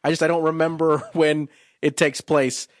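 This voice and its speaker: A man co-hosting a casual podcast, joking around and laughing often between quick asides. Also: on the high side, level tone, dry recording, clean studio sound. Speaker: podcast co-host. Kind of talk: casual chat.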